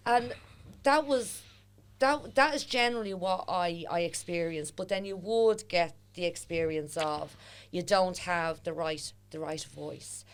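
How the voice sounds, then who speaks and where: Woman, Dublin accent, fairly low voice, animated storyteller, casual podcast guest. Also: unhurried, smooth. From Ireland. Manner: chatty storyteller, animated retelling with quoted voices. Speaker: guest, historian and author.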